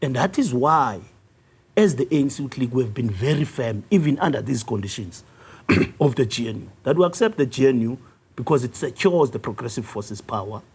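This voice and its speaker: A South African man, a youth league official, arguing his case in a news interview, assertive and clearing his throat often. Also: expressive, fairly quick, darkish tone. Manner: assertive, rises in pitch when pressing a point, frequent throat clearing. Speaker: youth league secretary general, interview guest. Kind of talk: political interview, argumentative.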